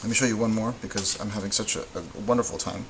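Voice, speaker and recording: Using a fairly low voice with vocal fry, a man who teaches Spanish patiently explains a whiteboard lesson step by step, slowly, occasionally correcting himself. There's a faint hum of noise beneath his speech.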